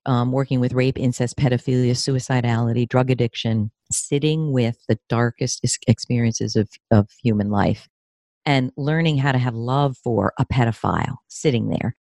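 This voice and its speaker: A woman's voice: moderate pace, no room sound. Emotional woman in her fifties, dry sound. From New York State, USA. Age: 50s. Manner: emotional, expressive, pitch rises when moved. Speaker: guest, therapist and career coach. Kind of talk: candid interview conversation.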